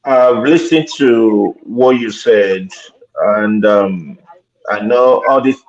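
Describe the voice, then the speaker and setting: A male caller to a talk show, speaking slowly and hesitantly with many fillers. His voice comes over a dull, lo-fi line. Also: mid-range voice, a little mellow. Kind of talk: radio talk show call-in.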